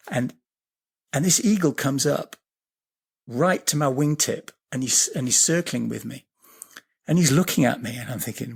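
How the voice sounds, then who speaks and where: A man, a podcast guest telling a vivid, swearing story, repeating words and slowing down at tense moments. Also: mid-range voice, vocal fry, slightly rough. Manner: slows down and lifts his voice at tense moments. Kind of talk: animated storytelling in a podcast interview.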